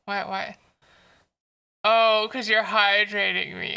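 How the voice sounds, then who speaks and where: A woman's voice: mid-range voice, level tone, slow, vocal fry, pauses often, pushed and bright, smooth. A woman streamer chatting casually while she draws, answering chat messages aloud in a playful, teasing way.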